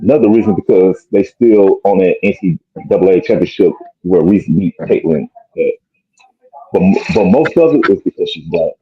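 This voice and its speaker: Deep husky blunt-talking man. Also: lively intonation, moderate pace. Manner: blunt, plain-spoken, hesitant fillers. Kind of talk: casual livestream chat. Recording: muffled lo-fi stream audio.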